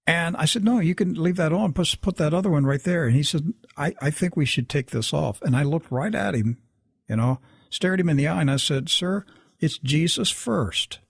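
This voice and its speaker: A guest storyteller with a fairly high, creaky voice and a breathy edge speaks fairly quickly, recounting a long personal story in casual conversation. He's animated, acting out the dialogue of the people he quotes. The studio sound is clean, with no room sound.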